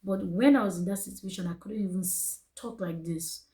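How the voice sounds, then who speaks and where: Earnest Nigerian woman, mellow voice. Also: mid-range voice, fairly quick, poor audio. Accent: Nigerian English. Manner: earnest, emotional, repeats phrases for emphasis. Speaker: vlogger. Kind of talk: personal storytelling to camera.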